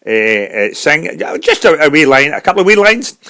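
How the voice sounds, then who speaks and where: A man's voice: fairly high pitch, sing-song, moderate pace, sharp tone, dry recording, exaggerated voice. A man voicing a chubby, shy Scottish folk singer with a Scottish accent, who rambles hesitantly in a comedy radio sketch. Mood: bashful. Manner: hesitant, rambling, bursts into jolly song.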